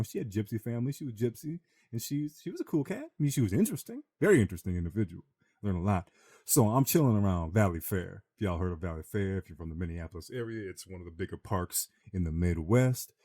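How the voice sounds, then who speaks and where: Deep-voiced man telling stories. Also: no room sound, clean studio sound. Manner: animated, slangy storyteller who acts out voices. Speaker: podcast host. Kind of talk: casual storytelling chat.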